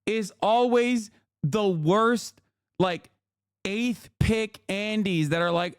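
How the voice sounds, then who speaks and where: A man with a notably high-pitched voice tears into what he is watching in a loud, profane rant. The sound is dry and close, with no room around him, and he talks in a loose, casual livestream way. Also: drawn-out words, clear, resonant tone, no room sound. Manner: profane, heated ranting. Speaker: streamer reacting to clips.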